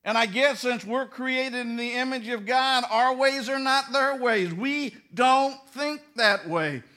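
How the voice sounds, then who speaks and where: Middle-aged male pastor, high bright voice, slow comic sermon delivery with acted-out dialogue. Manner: storytelling with mimicked dialogue, bursts of laughing emphasis. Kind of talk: humorous sermon.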